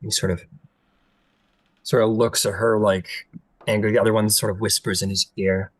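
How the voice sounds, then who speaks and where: A man's voice: on the low side, little pitch movement, moderate pace, dry recording, low-quality recording. Casual filler-heavy game master man. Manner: loose, filler-heavy narration. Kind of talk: narrating a tabletop game.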